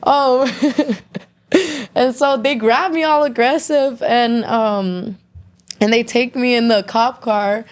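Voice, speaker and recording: A woman's voice: a little high, takes it slowly. A young woman as a podcast guest, candidly telling a personal story in casual talk, swearing often and saying "like" constantly.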